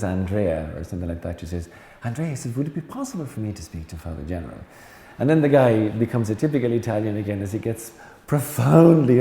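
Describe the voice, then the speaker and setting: A mellow, fairly low male voice belongs to a middle-aged Irish Jesuit priest. He lectures chattily, mixing in anecdotes and teasing remarks aimed at the audience, while the echoey hall adds faint noise.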